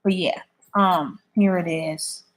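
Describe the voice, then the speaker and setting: A woman's voice: on the low side, steady tone, takes it slowly. A woman chatting casually on a livestream, reading viewer comments and answering them bluntly. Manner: blunt, opinionated. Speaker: YouTube live streamer.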